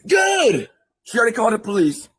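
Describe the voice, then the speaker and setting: A man's voice: sits high, wildly swooping pitch, a little fast, fairly bright tone, rough recording. Exasperated young man laughing in disbelief. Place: outdoors outside his house.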